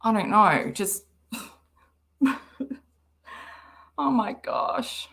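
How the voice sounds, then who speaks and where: A woman hosting a reaction livestream, talking in an animated, sarcastic way and laughing often. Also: mid-range voice, very slow. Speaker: livestream host.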